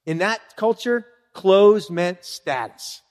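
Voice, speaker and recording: A man preaching a sermon to his congregation, lively and conversational, acting out short exchanges in different voices. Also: takes it slowly, in a large hall. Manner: animated, acts out little dialogues with swooping pitch. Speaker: pastor.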